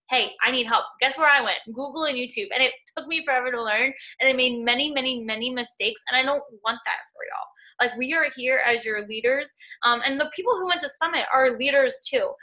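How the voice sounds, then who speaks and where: A young woman with a raised, bright, forceful voice gives her team an earnest pep talk over a group call. She is casual and encouraging and keeps dropping in "like" and "y'all". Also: sits high. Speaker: fitness coaching team leader.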